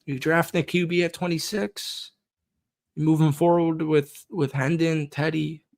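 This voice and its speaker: A man's voice: on the high side, fairly even intonation, unhurried, creaky, a little mellow. A young man hosting a football podcast, ranting casually with frustration, swearing and laughing.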